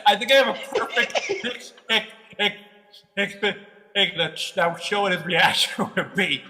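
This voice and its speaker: An excitable man co-hosting a casual podcast, repeating words and cutting in. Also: high-pitched, measured pace, in a large hall. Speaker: podcast co-host.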